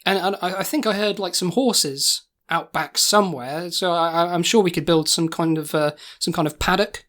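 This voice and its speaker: A man's voice: high-pitched, moderate pace, fairly bright tone. A man co-hosting an improvised comedy sketch, eager and stammering. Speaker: co-host.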